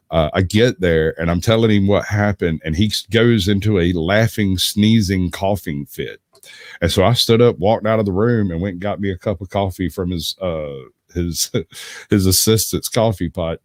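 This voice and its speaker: A man's voice: deep voice, a little mellow, no room sound. A man telling dry, funny stories in a casual live-stream chat. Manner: drawling storyteller, dry humor.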